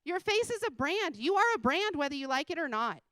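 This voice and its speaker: A woman giving an energetic motivational talk on a conference stage, speaking bluntly and casually, swearing freely and laughing often. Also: high voice, a little fast, no echo. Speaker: conference speaker and sales coach. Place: conference stage before a live audience.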